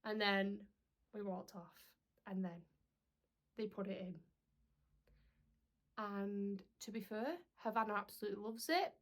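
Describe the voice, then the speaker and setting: Chatty young mum vlogging. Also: female voice, mid-range voice, measured pace, pauses often. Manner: chatty and rambling, with frequent "um"s. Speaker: parenting vlogger. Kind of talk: casual chat to camera.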